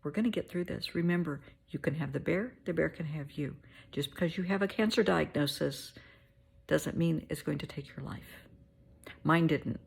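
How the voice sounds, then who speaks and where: A middle-aged woman hosting a heartfelt pep talk, soothing and motherly, sometimes dropping to a soft whisper. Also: deep voice, normal speed, vocal fry, breathy edge. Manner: soothing, motherly, calls listener honey; drops to soft whispers at times. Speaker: host.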